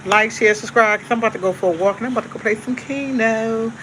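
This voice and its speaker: A woman's voice: on the high side, fast talker, a bit bright, slight background noise, poor audio. A woman hosting a casual live stream, chatting easygoingly to her viewers and repeating herself. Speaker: livestream host. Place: at home with coffee.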